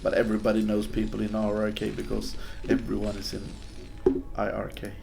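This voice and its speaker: A man's voice: on the low side, completely flat delivery, moderate pace, creaky, loud music behind the voice. A man from Sweden, a native Swedish speaker, casting a game in English in a chatty, hesitant way while answering viewer chat. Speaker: game caster. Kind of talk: casual live-stream game commentary.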